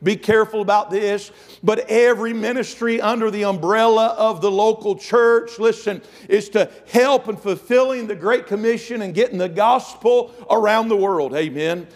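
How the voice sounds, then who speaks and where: A man's voice: high-pitched, normal speed. Fervent preacher man. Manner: fervent preaching, storytelling, frequent "amen" and "listen". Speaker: pastor. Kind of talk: sermon.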